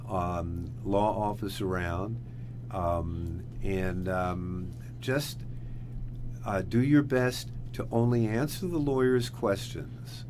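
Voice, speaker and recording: Halting lawyer with a low voice, humming line. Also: male voice, darkish tone. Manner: halting, with many ums and restarts. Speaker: guest attorney. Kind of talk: radio show interview. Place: radio studio. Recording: clear humming background noise.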